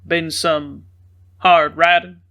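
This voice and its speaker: A woman doing a gruff, booming old rancher. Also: level tone, slow pace, sharp tone, heavily acted. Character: gruff hulking older male ranch boss.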